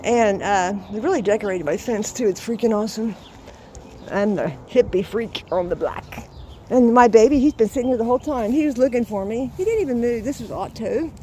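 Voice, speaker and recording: A woman's voice: on the high side, brisk, warm tone, slight background noise. Boisterous, salty woman in her sixties. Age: 60s. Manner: laughing, salty, boisterous storyteller. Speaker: vlogger. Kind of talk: casual storytelling. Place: outdoors at her home yard.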